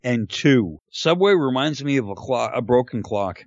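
A man's voice: medium pitch, expressive, moderate pace, dry recording. Wry guy rambling on a podcast, lots of uh's, muffled lo-fi mic, dry. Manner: hesitant, wry, chuckles at own jokes. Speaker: podcast co-host. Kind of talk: casual chat.

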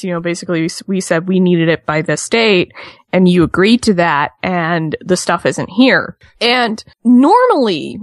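A woman in casual chat, telling a story in an animated way and acting out what people said. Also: mid-range voice, no room sound, studio quality. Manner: animated storytelling with acted-out quotes. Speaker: podcast co-host recapping a reality show.

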